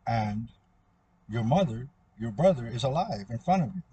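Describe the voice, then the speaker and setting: A man's voice: mid-range voice, animated, moderate pace, dark tone, slightly rough. A man talking in a rambling, repetitive monologue that often trails off.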